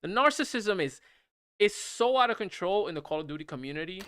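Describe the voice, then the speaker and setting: A man in his thirties streams a game and rants incredulously, repeating himself in an animated way. He speaks fairly quickly in a high, clean-toned voice, and the recording is dry and studio quality.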